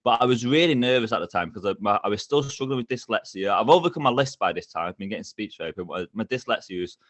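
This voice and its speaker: A middle-aged man, a podcast guest telling stories with lively energy and frequent laughs. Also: lowish voice, fast talker, dry recording. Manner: energetic, animated, laughs often. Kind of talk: casual storytelling interview.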